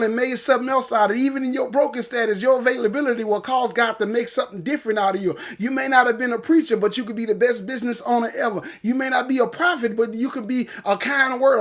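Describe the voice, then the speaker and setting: A man hosting a casual morning livestream, greeting viewers and breaking into animated preaching. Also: very high voice. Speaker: livestream host.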